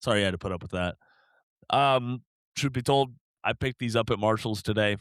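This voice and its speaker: A man's voice: lowish voice, fairly quick, fairly bright tone, dry recording, studio quality. A man hosting a podcast, talking in a laid-back, hesitant way with lots of fillers. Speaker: podcast host. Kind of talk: casual chat.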